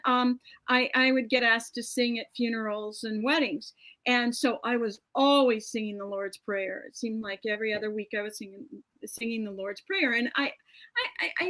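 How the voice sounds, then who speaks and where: Woman comic, guest on a chat show, high voice, chatty storyteller. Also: fairly bright tone, rough recording. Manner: chatty, storytelling with frequent restarts. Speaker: comedian guest. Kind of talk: casual joke workshop chat.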